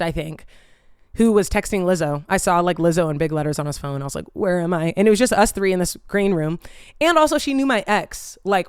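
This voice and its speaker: A woman hosting her own vlog, telling a story in a casual, animated way, swearing freely and saying "like" a lot. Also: medium pitch, smooth, dry recording, clean studio sound. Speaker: vlog host.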